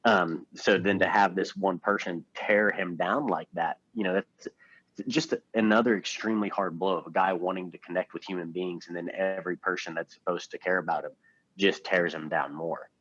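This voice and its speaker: In dull, lo-fi, dry podcast audio, a male co-host casually discusses a film, rambling loosely with many fillers. His low voice has a fairly bright tone and fairly even intonation, at a moderate pace.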